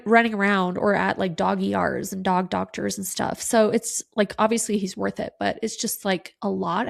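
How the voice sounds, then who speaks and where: Woman, 30s, podcast host, candid and sweary, gravelly tone, tearful and sniffly. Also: medium pitch. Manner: candid, swears freely, lots of "like". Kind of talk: casual solo podcast talk.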